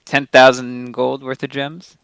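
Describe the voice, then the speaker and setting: A man playing a tabletop game, chatting in a joking, laid-back way. He talks slowly in a gravelly voice that swings widely in pitch, and the sound is dry. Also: monotone, fairly bright tone, no room sound. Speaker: player. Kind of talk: casual chat at a tabletop game.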